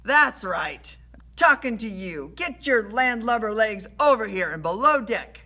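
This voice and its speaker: A woman voicing a burly, angry male sailor who growls and shouts in a rough pirate-style way. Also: on the high side, animated, measured pace, heavily acted. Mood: menacing.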